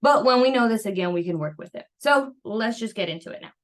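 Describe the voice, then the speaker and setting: A woman's voice: fairly high pitch, expressive, fast talker. Chatty young woman coaching on a call. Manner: chatty, filler-heavy, reassuring. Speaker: nutrition coach. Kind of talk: casual coaching talk over screen share.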